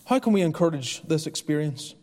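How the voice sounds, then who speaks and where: A man's voice: a little high, animated, brisk, a little mellow, in a large hall. A man preaching a sermon as pastor, earnest and conversational, often restarting his phrases. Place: church.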